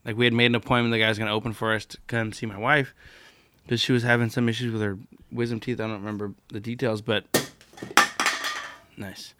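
A man's voice: mid-range voice, level tone, fairly bright tone, slight background noise. A man telling a story in casual chat, blunt and outspoken. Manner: blunt, fast-talking storyteller.

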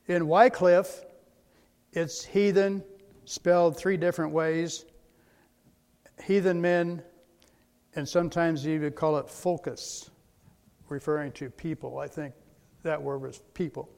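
A man's voice: a little high, steady tone, slow pace, creaky, pauses often, a little mellow. A man giving a slide presentation lecture, methodical, spelling out words letter by letter. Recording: long hall reverb.

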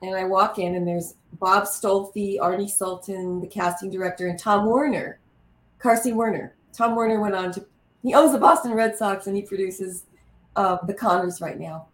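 A woman telling a lively anecdote in an interview, acting out the lines of the people in it. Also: medium pitch, normal speed. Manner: lively anecdote teller, acts out quotes. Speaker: guest. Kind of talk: animated storytelling in conversation. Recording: roomy echo.

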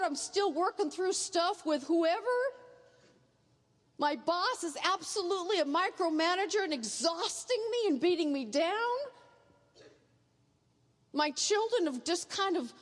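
A woman preaching a sermon, earnest, painting vivid pictures and speaking straight to her listeners. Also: extremely high pitch. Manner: earnest, vivid second-person imagery. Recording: echoey hall reverb.

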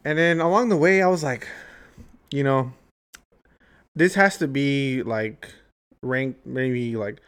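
A man's voice: medium pitch, slow, pauses often, fairly bright tone, clear, resonant tone. A young adult man telling a long story in casual chat, rambling and swearing freely, saying "like" and "dude" often. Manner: profane, rambling, heavy use of "like" and "dude".

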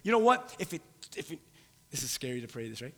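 A man's voice: medium pitch, big pitch swings, fast. A man preaching a sermon, emphatic and repeating key phrases for weight. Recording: long hall reverb.

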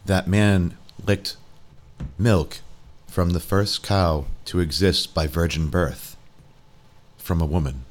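Man doing a deadpan smartphone voice for a tabletop game, low and slow, quiet. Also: slight background noise. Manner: slow, lowered, quiet delivery. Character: talking smartphone, calm and matter-of-fact.

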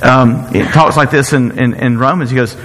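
A man preaching a sermon in an earnest, halting way, often repeating words as he searches for the next one. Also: medium pitch, steady tone, fairly bright tone, long reverb tail, rough recording.

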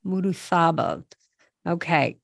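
A woman's voice: fairly low pitch, big pitch swings, takes it slowly, vocal fry, dry recording, clean studio sound. A woman who is a native English speaker hosting a podcast language lesson, upbeat and self-deprecating as she prompts each word. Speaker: podcast host.

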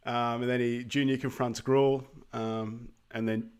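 A man co-hosting a podcast, recapping a film in a relaxed way, with ums and quoted scenes. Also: medium pitch, measured pace, clean tone. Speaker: podcast co-host. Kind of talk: casual film recap chat.

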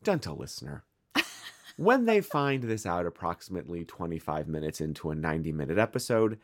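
A man with a Midwestern American accent, co-hosting a podcast in rambling, animated casual chat. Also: deep voice, brisk. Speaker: podcast co-host.

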